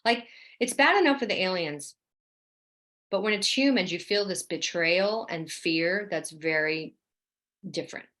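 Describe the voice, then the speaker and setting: Animated storytelling woman from New Orleans. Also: fairly low pitch, a little slow. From New Orleans, USA. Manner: animated, vivid storyteller, often says "like" and "right?". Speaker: interview guest. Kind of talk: casual storytelling in an interview.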